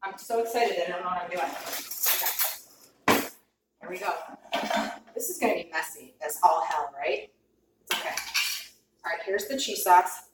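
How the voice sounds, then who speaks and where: A woman chatting excitedly to viewers as she cooks and tastes food, gushing and talking straight to the camera. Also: on the low side, moderate pace, pauses often, very noisy. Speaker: cooking vlogger. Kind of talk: casual cooking chat to camera. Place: home kitchen. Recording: echoey kitchen, mic at a distance. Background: clinking dishes and cutlery.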